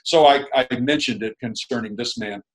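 A man's voice: medium pitch, normal speed, low-quality recording. A middle-aged man, a guest minister, telling a long story in a rambling, chuckling, casual way with many restarts.

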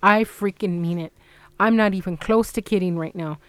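A woman's voice: mid-range voice, normal speed, no room sound. A woman on a podcast, retelling a fight with heat and plenty of swearing in casual chat. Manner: heated, profane, animated retelling. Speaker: podcast co-host.

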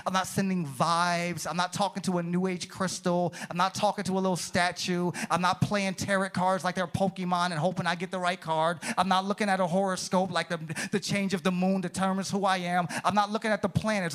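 A man preaching a sermon as pastor in a church, swinging from loud high peaks down to low quiet asides and calling out to the congregation. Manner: energetic, rises to high shouted peaks then drops low; calls out "come on", "praise the Lord" to the congregation.

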